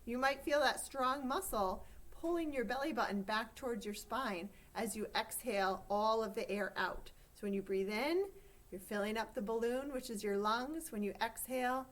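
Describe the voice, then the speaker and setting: A woman teaching a choir, giving calm, step-by-step instructions for breathing and vocal warm-ups. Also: fairly high pitch, normal speed.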